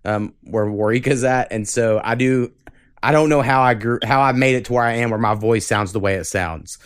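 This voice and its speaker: A podcast host from southern Oklahoma chats loosely, swearing casually and running his thoughts together. His voice is smooth and resonant at a middle pitch. The sound is close and dry. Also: normal speed, no echo. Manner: relaxed, profane, talks in loose run-on bursts.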